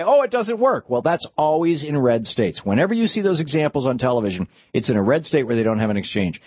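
Man, radio host, call-in talk, husky, dry muffled audio, animated stammering restarts. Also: mid-range voice, dry recording.

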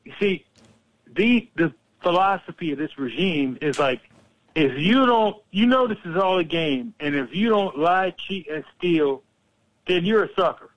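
A man hosting a political talk show, worked up and profane as he rants. His voice sits somewhat high. The sound is a little dull and lo-fi, dry and close. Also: measured pace, no room sound. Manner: profane, animated, fired-up storyteller.

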